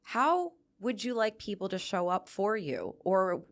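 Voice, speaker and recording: A woman's voice: medium pitch, lively intonation, a little slow. A woman hosting a casual interview, tearful and self-mocking as she asks questions. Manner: warm, teary and self-mocking. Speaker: podcast host.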